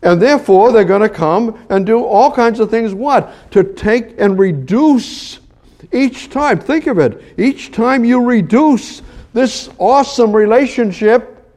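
A man preaching a Bible sermon, shifting between loud urging and hushed asides, with frequent restarts and repeated words, reading scripture aloud. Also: a little slow. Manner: animated, swings between loud exhortation and hushed low asides; reads King James scripture aloud.

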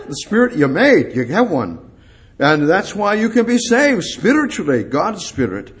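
A man's voice: a little high, big pitch swings, normal speed. A male preacher delivering a sermon, emphatic, repeating key words and putting questions to his congregation.

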